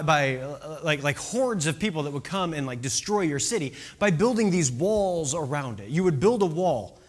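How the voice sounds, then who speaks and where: Brief: conversational preacher, lively delivery, bright tone. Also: medium pitch. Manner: chatty, rambling, with many restarts and asides. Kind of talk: casual sermon.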